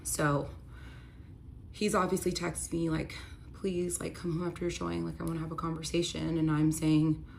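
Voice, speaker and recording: A young woman with a low voice tells a personal story in a candid, confessional way, growing emotional as she goes. A faint hiss of noise sits under her voice. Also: flat delivery, moderate pace, creaky, a little mellow.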